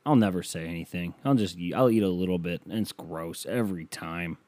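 Man, podcast host, low-pitched, sarcastic rant, dry close mic. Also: fairly quick, mellow, no echo. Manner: sarcastic ranting, acts out quoted people. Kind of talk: casual comedic monologue.

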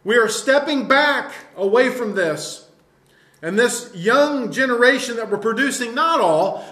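A man preaches a fiery sermon, scolding his listeners in a fairly high voice. His words ring out through a roomy, echoing church space. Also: sharp tone.

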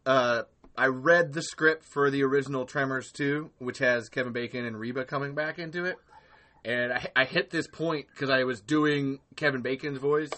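A man chatting casually as a podcast guest, animated, profane and quick to laugh. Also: mid-range voice. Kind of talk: casual chat.

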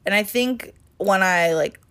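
A woman's voice: mid-range voice, unhurried, sharp tone. A woman in her twenties co-hosting a podcast, chatting casually, full of "like" fillers and the odd swear word. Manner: chatty, swears freely, frequent "like". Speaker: podcast co-host. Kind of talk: casual chat.

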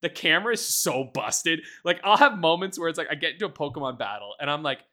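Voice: medium pitch, expressive, fast, pushed and bright. A podcast co-host in casual chat, ranting with heavy profanity and laughing often while talking.

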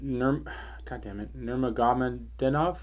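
A man's voice: medium pitch, a little slow, lo-fi sound, a little hiss or hum. A man chatting casually as a co-host, swearing and telling loose, rambling stories. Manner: profane, loose storytelling with fillers. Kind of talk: casual chat.

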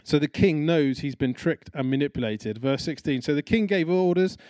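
A man's voice: a little high, moderate pace, no echo. A man preaching a sermon in a conversational, storytelling way, acting out the people he talks about. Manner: conversational, animated storytelling with acted-out quotes.

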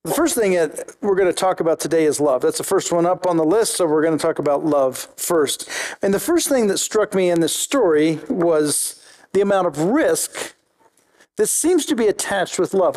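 High-voiced male pastor preaching. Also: low-quality recording. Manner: conversational preaching with frequent restarts and slow emphatic phrases; reads scripture aloud in a steady list-like cadence. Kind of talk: sermon.

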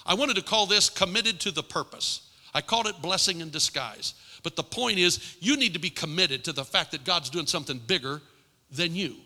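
An older man preaching a sermon, his voice bright and cutting and set a little high. He presses points with emphatic repetition, then sinks to a hushed tone. The sound carries a long reverb from a church sanctuary. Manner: impassioned, with emphatic repetition and sudden drops to a hushed voice. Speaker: pastor. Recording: long reverb in a large hall.

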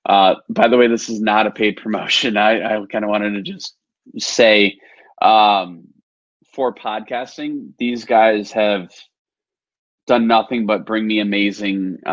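Slightly hoarse man, live podcast host, rambly and upbeat, dry and muffled sound. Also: lowish voice, no room sound. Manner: rambling, filler-heavy, upbeat. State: partly losing his voice. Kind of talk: casual live-stream chat.

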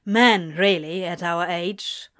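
A woman voicing a stubborn young man who fires back sharp retorts in a storybook reading. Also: lowish voice, takes it slowly. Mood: defiant.

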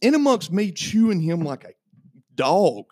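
A man, a podcast guest in his thirties, telling a long story in casual chat and acting out the other people's voices with big jumps in pitch. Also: big pitch swings, unhurried, darkish tone, no room sound, studio quality.

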